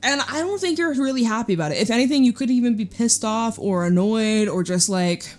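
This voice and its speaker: A woman's voice: a little high, animated, a little fast, soft background music. A young woman giving a casual tarot reading, chatty and blunt, swearing freely and laughing often. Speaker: tarot reader.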